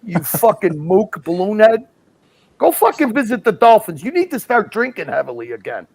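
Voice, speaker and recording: A man's voice: high voice, sing-song, normal speed, vocal fry, darkish tone. A man hosting a livestream, ranting and hurling insults in profane, mocking chat. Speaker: livestream host.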